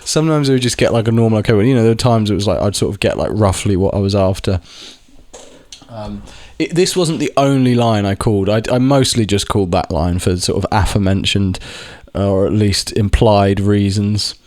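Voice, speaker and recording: A man's voice: on the low side, fairly quick, darkish tone, no echo. A young man talking casually to camera, rambling with lots of restarts and the odd swear word. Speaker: vlogger. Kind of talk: casual monologue.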